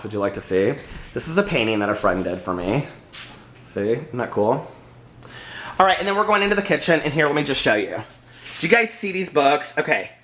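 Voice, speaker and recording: A man hosting a casual book vlog at home, chatty and animated, laughing often and drawing out words for dramatic emphasis as he walks between rooms. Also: on the high side, slight background noise. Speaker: book vlogger host. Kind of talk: casual rambling vlog chat.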